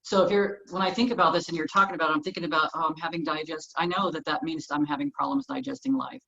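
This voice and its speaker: Give me a woman with a bright, forceful voice speaking reflectively in a casual chat, on muffled lo-fi audio. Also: fairly low pitch, very fast, creaky. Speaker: co-host. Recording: muffled lo-fi audio with faint noise.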